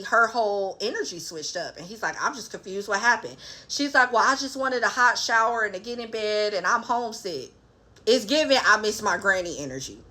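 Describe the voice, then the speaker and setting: Sassy, bright-voiced woman recapping reality TV. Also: a little high. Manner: sassy, animated, laughing, quoting cast members in asides. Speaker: reality TV reviewer. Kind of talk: casual recap commentary.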